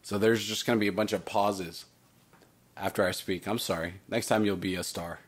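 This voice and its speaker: Male math teacher, fairly low voice, works through problems aloud with light playful asides. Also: fairly even intonation, moderate pace. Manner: talks through steps with himself, playful asides. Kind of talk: recorded math lesson walkthrough.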